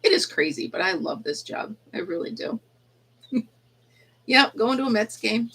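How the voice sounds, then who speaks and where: A woman's voice: on the high side, expressive, measured pace, a bit bright, slightly rough, low-quality recording. Chatty woman livestreaming with cheeping chicks. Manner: chatty and laughing, coos at chicks. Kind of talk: casual livestream chat. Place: indoor yarn room with chicks. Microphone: phone.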